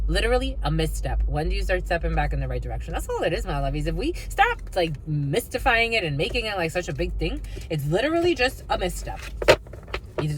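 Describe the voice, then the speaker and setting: A woman's voice: mid-range voice, slight background noise, rough recording. A woman doing a casual tarot energy reading, blunt and profane, with sing-song asides and mocking voices.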